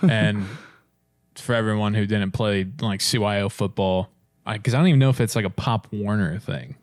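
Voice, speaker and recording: A man's voice: lowish voice, moderate pace, no echo. A young man co-hosting a podcast in casual chat, joking and acting out angry coaches now and then. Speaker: podcast co-host.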